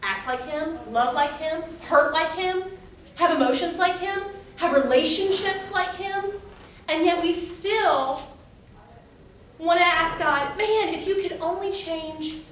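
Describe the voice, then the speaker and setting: A woman's voice: very high voice, slow pace, a bit bright, slight background noise. A young woman giving a casual devotional talk to a youth group, chatty, with lots of fillers as she tells stories. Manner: chatty, filler-heavy storytelling. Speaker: youth speaker. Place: room with a youth audience. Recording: very echoey room from far off.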